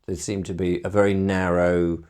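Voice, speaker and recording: A middle-aged British broadcaster chatting casually, telling an animated story, laughing often and acting out what people said. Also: male voice, low voice, moderate pace, smooth. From Britain. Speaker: broadcaster being painted. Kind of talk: casual chat.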